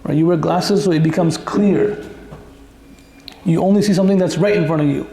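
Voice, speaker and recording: A man's voice: a little high, steady tone, normal speed, creaky, dark tone. A male Islamic teacher giving a conversational Quran lesson full of stories and jokes for the audience. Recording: echoey room.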